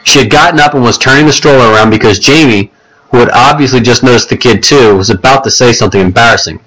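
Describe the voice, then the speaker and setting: A man's voice: mid-range voice, fast talker, a bit bright, poor audio. A man reading a first-person audiobook story in a plain, conversational way. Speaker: audiobook narrator.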